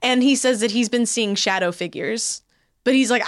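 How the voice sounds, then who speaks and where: A woman's voice: a little high, normal speed. A woman co-hosting a podcast in casual chat, recapping a story with sarcasm and plenty of swearing. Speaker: podcast co-host.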